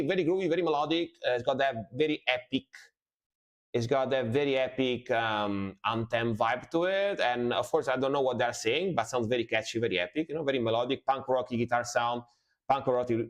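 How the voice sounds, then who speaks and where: A man's voice: mid-range voice, moderate pace. A man reacting to music on a live stream, casual and rambling, with many fillers and repeated words.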